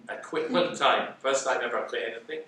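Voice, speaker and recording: A man with a bright, forceful voice talks through stories in a relaxed interview, acting out the lines of the people in them. He is picked up from a distance in a very echoey room with a little background noise. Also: medium pitch, fast. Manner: animated, acts out quoted dialogue. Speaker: interview guest. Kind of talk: casual interview storytelling.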